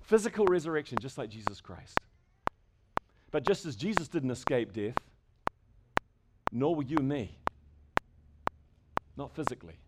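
A man's voice: mid-range voice, sing-song, moderate pace, long pauses. A man, a pastor, preaching an emphatic sermon to a congregation and asking it rhetorical questions. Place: church service before a congregation. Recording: loud background noise with clicks.

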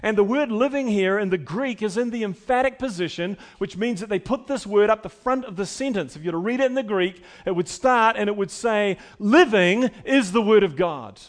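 A man's voice: high voice, a little fast, hardly any pauses. A middle-aged man preaching a sermon as pastor, emphatic and building with repeated phrases.

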